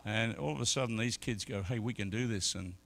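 A middle-aged man preaching a sermon as an evangelist, telling stories and swinging from quiet talk to loud shouted peaks. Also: lowish voice, brisk, creaky. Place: church service.

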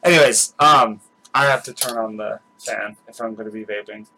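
A man's voice: lowish voice, normal speed, gravelly, pushed and bright, slight background noise, poor audio. A man hosting his own channel at home, chatting casually and rambling with lots of fillers and restarts. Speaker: channel host. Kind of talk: casual chat.

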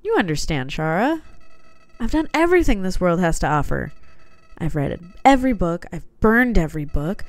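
A woman's voice: on the low side, big pitch swings, moderate pace, dry recording. A woman reading game dialogue aloud, putting on a voice for a sinister, soulless talking flower that is cold and manipulative. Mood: coldly confiding. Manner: reads game dialogue aloud in a put-on voice, slightly theatrical.

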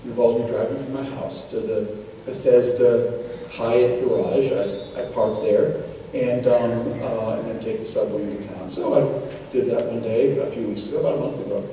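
A man's voice: medium pitch, steady tone, moderate pace, mellow. Older male lecturer, chatty anecdotes, distant in a big echoey room. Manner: anecdotal, conversational, quotes people in dialogue. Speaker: guest lecturer. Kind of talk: storytelling lecture. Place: synagogue hall. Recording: echoey hall, distant mic, noisy.

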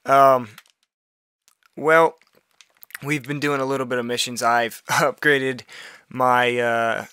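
A man's voice: medium pitch, bright, forceful tone, dry recording, studio quality. Giggly man commentating a game. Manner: giggly, laughs often, rambling. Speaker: gaming video host. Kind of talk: casual gameplay commentary.

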